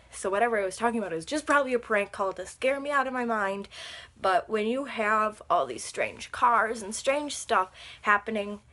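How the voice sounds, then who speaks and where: Brief: casual vlogger woman, rambling and chatty, bright edge, recorded at home. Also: mid-range voice. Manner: rambling, chatty, lots of fillers. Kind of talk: casual storytime vlog. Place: room at home under a lamp.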